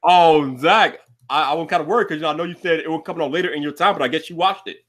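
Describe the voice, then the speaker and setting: Man, livestream host, casual chat, slangy and laughing, somewhat high voice. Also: racing, fairly bright tone.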